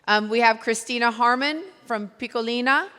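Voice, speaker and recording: A woman's voice: a little high, normal speed, sharp tone, a little hiss or hum. A woman with a Texan accent emceeing a live event, chatty and loose, poking fun at herself. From Texas. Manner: chatty, self-deprecating, loose. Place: event hall. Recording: long hall reverb.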